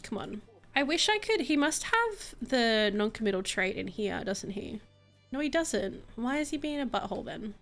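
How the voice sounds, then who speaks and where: A young woman narrates her life-sim game in a gushing, chatty way, her slightly high voice sinking to soft asides and then leaping into excited squeals. Faint background music plays under her talk. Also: moderate pace. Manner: bubbly, gushing, swings between soft murmurs and excited squeals. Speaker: gaming YouTuber. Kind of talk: casual gameplay commentary.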